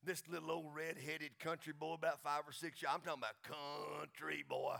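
A man with a Texas accent preaching a folksy sermon as pastor, building to excited crescendos and closing in prayer. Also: fairly high pitch, normal speed, creaky.

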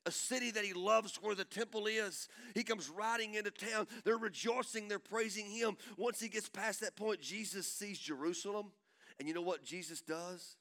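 A male pastor preaching a sermon in an emphatic, folksy way, repeating phrases and building up to shouts. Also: high voice. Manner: emphatic, repetitive, swells into shouting; folksy and country in tone.

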